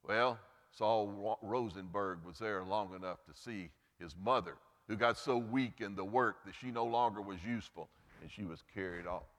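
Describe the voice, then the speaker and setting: A man serving as pastor delivers a Mother's Day sermon in a church sanctuary, earnestly lifting and dropping his voice for emphasis and then praying. The pace is moderate, the voice a bit bright, and the sound carries a big-room quality.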